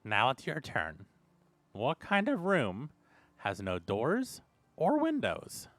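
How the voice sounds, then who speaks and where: A small nasal voice that speaks only in riddles, slightly high and pinched through the nose, as a game master puts it on. It sounds like a tiny male creature heard inside one's head. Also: huge pitch swings, slow pace, fairly bright tone, no echo, heavily acted. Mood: teasing.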